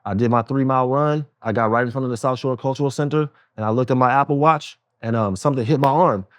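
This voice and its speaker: A man's voice: mid-range voice, fast talker, no room sound, clean studio sound. A man hosting a casual conversation, telling a personal story with lots of fillers and acting out other people's voices. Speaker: host.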